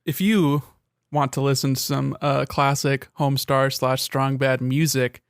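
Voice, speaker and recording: A man co-hosting a casual gaming podcast, speaking in a relaxed, hesitant way with frequent fillers. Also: mid-range voice, measured pace, clean tone, no room sound, studio quality. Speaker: podcast co-host.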